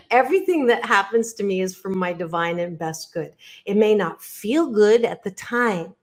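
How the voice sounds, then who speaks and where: Woman psychologist on a podcast, emphatic, repeats herself to drive the point home, mid pitch. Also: animated, moderate pace. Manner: emphatic, repeats phrases for effect; direct, speaks straight to the listener. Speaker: guest, organizational psychologist. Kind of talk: podcast interview, motivational talk.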